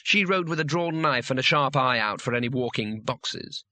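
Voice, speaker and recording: A man's voice: medium pitch, expressive, moderate pace, sharp tone, no echo. A man narrating a comic fantasy audiobook in a dry, wry storytelling manner.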